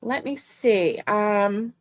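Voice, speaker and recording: Middle-aged lady chatting on her stream, slow easy talk, warm and friendly. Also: medium pitch, slight background noise. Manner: warm, chatty, greeting viewers by name. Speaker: livestream host. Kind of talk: casual livestream chat.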